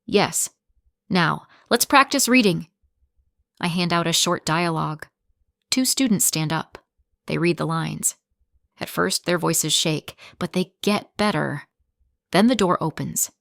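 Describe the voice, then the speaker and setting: A woman narrating a simple graded-reader story in short, clear, deliberate sentences. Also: sits low, dry recording, clean studio sound.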